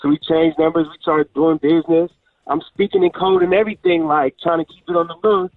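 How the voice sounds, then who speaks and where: A man's voice: fairly high pitch, fairly even intonation, fairly quick. A caller in his twenties from Oakland, telling a story in a laid-back, slangy way over the phone. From Oakland, California. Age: 20s. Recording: muffled phone line.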